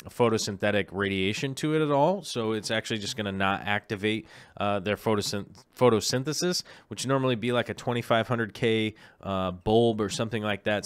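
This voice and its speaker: An aquarium show host rambles through questions on a casual live stream, full of ums, restarts, and self-corrections. His slightly low voice sounds smooth and clean, recorded dry and close with no room sound.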